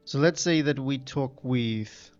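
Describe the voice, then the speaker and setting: A man's voice: medium pitch, takes it slowly. Male let's play host, thinks aloud while playing, dull lo-fi audio with faint game music. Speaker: gaming channel host.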